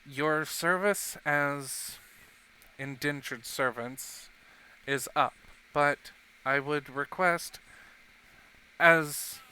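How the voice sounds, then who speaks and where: A man voicing a dignified older male dog noble who speaks calmly and gently. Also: mid-range voice, a little hiss or hum. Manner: calm, gentle, soft-spoken.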